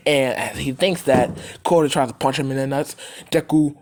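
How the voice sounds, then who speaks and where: Low-pitched woman narrator, loose and rambling, curses freely, casual fan storyteller. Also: lively intonation, fairly quick, a little mellow. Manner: rambling, filler-heavy, cursing, laughing.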